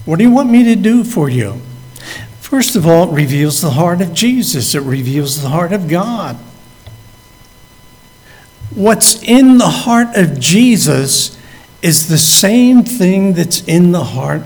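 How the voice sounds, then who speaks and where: A man's voice: high-pitched, sing-song, slow pace, long pauses, darkish tone. A man preaching a sermon, acting out the figures in the story as he tells it. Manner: acts out the quoted speakers as he tells the story. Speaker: pastor. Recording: long hall reverb.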